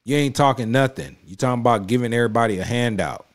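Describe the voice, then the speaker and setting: A man's voice: medium pitch, fast talker. A man hosting a reaction video, commenting on a political speech in a casual, emphatic, repetitive way and talking straight back at the clip. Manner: emphatic, repetitive, conversational street talk; addresses the clip directly with rising heat. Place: home studio.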